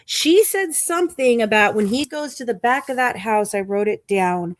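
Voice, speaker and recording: A woman's voice: on the high side, animated, normal speed, dry recording. A woman hosting a podcast and giving pointed true-crime commentary in an emphatic, skeptical way. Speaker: podcast host.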